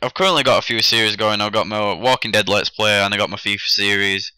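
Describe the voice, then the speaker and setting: Bright-voiced young man telling a story. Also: fairly low pitch, fairly even intonation, fast, smooth, no echo. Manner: chatty, rambling, self-deprecating humour. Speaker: gaming YouTuber. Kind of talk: casual vlog storytelling over game footage.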